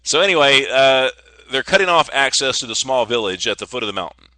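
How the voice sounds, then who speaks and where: A man's voice: medium pitch, lively intonation, fairly quick, sharp tone, no echo. A man hosting a casual solo podcast, rambling and joking with frequent stammers and restarts. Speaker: podcast host.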